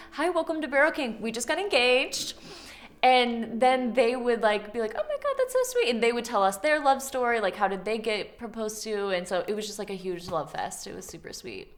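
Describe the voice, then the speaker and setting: A woman telling a story casually and animatedly, full of filler words, with music behind her. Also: mid-range voice. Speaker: whiskey blender.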